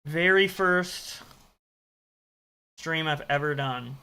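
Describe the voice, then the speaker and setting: A streamer reacting to an old video of their own stream, excitable, swearing and self-mocking. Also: medium pitch, takes it slowly, a little hiss or hum. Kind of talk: casual reaction commentary.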